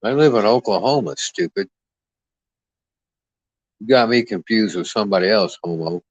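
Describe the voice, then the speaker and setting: A very deep-voiced man hosts a livestream and trades crude insults in a brash, mocking drawl. The sound is dry and a little dull, like a cheap mic close up. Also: normal speed, dry recording. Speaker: livestream host. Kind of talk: crude trash-talking livestream chat.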